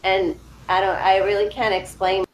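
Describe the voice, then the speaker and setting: A woman's voice: medium pitch, flat delivery, normal speed, slight background noise. A woman describing her meditation experience over a video call, hesitant and searching for words. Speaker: meditation student. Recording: roomy video call audio.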